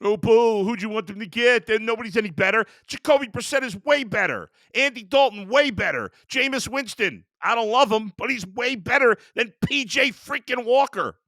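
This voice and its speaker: A man's voice: extremely high pitch, expressive, moderate pace, few pauses, sharp tone, dry recording, clean studio sound. A man hosting a sports show, ranting in a heated, exasperated way about his team. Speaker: sports talk host. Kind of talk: sports rant.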